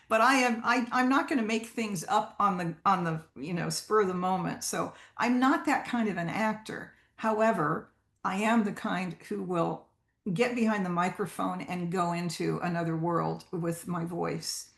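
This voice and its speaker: A woman's voice: fairly low pitch, unhurried, creaky, fairly bright tone. A woman voice actor giving a chatty, informal talk to a writers group, with many fillers and restarts. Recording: roomy echo.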